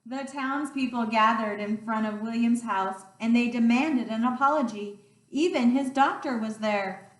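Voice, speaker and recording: A woman teacher reading picture books aloud, expressive and playful, with roars. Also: fairly high pitch, a little slow. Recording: roomy sound, distant mic.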